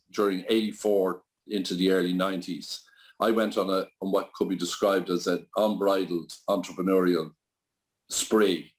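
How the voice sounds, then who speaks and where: Older Irish man, low-pitched, loose and anecdotal storyteller on an interview. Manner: rambling anecdotal, with frequent restarts. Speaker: guest entrepreneur.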